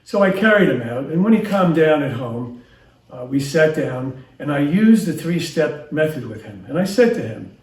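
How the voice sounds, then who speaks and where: A man presenting a training talk on handling difficult behavior in young children, speaking in a lively way. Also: a little high, normal speed, slightly rough. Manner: lively, acts out children's voices in quotes. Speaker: parenting and teaching workshop speaker.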